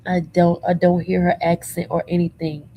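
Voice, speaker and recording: A woman hosting a casual commentary show from her room at home, sassy and animated with lots of slang, a little under the weather. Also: fairly low pitch, moderate pace, dull audio, slight background noise. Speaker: commentary channel host.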